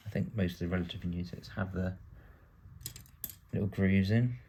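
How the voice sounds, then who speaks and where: A man's voice: low voice, fairly even intonation, a little fast, dark tone, slight background noise. A British man from the UK giving casual build-along narration as a vlogger, chatty and full of wry asides while he works. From United Kingdom.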